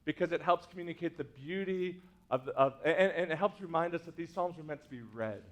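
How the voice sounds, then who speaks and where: A man's voice: a little high, fairly quick, fairly bright tone. A man, a pastor, giving a casual teaching talk to a congregation, full of "like" and "right?" asides. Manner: chatty, many fillers like "like" and "right?".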